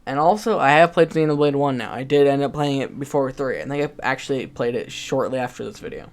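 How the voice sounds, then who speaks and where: Speaking fairly quickly in a mid-range voice with hardly any pauses, a man revisits his old video game predictions in casual commentary. He pokes fun at himself, chats freely, laughs, and often restarts his sentences.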